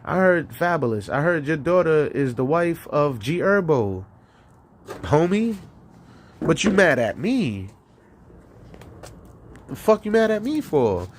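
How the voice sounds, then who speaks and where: A man's voice: fairly high pitch, sing-song, slow pace, pauses often, a little hiss or hum. A man from New York hosting a live stream, ranting profanely and telling stories, stammering through restarts. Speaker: solo live-stream host. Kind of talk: ranting monologue.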